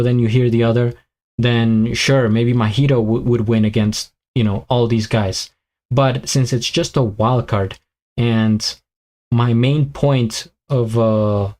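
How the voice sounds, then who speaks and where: A man's voice: medium pitch, a little mellow. Chatty man with a tiring voice. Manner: rambling, thinks aloud with many fillers and restarts. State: voice tiring and weakening. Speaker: host of a live reaction stream. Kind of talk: casual live commentary, chatting with viewers.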